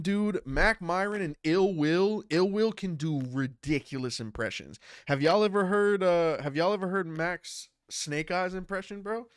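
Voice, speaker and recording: A man's voice: fairly high pitch, clean tone, no echo, studio quality. A man in his thirties, stuffy from a cold, rambling casually on a livestream, swearing and laughing as he reads chat. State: congested from a cold. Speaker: streamer and battle rapper.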